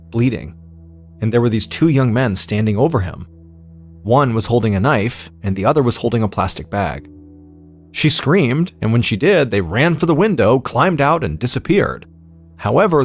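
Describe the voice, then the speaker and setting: An American man in his thirties calmly narrating a true-crime story as podcast host, in a measured way. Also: medium pitch.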